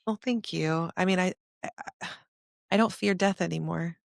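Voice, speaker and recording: A woman hosting a podcast, telling her story in earnest rapid bursts. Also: fairly low pitch, gravelly, no echo, clean studio sound. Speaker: podcast host. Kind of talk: casual conversation.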